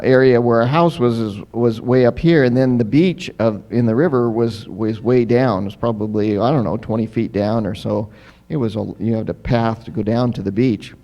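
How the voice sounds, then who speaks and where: A pastor giving a children's story in a church. He is lively and keeps asking the children questions. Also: mid-range voice. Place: church sanctuary.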